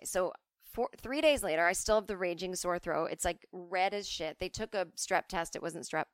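A woman's voice: lowish voice, moderate pace, no echo, clean studio sound. A woman hosting a podcast who tells comic stories in a chatty, self-mocking way and swears freely. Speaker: podcast host. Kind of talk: casual comic storytelling.

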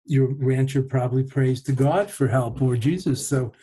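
A man in a reflective conversation, speaking in a measured, thoughtful way and often pausing to find his words. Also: mid-range voice, warm tone, breathy edge, rough recording.

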